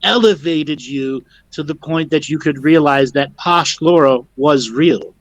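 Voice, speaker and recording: Guy hosting a spiritual show, bit higher voice, keeps saying okay, leads the talk. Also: unhurried, low-quality recording. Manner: directive, emphatic, repeats okay. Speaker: host and teacher. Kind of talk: guiding spiritual discussion.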